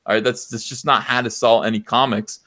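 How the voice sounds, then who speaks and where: A man hosting a live stream, ranting loudly and passionately and mocking others in put-on voices. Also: mid-range voice, steady tone, brisk. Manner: loud, impassioned, mocking impressions. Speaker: livestream host. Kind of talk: heated livestream rant.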